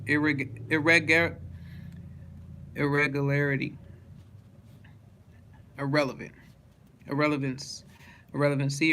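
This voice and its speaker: A man's voice: mid-range voice, fairly bright tone, clear, resonant tone. A man reading a dictionary word list aloud, one word at a time, with small stumbles and restarts.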